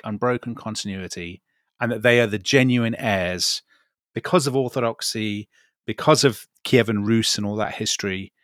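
A man co-hosting a casual podcast, recorded dry and close with no room sound. He speaks at a mid pitch and asks probing follow-up questions with a teasing edge. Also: fairly bright tone, no echo. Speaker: podcast co-host. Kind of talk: casual conversational chat.

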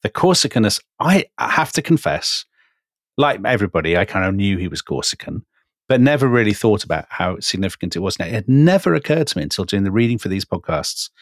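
A man's voice: on the low side, big pitch swings, fairly quick, dry recording, studio quality. A man co-hosting a history podcast in casual chat, amused and chatty. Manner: amused, chatty, laughs often. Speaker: podcast co-host.

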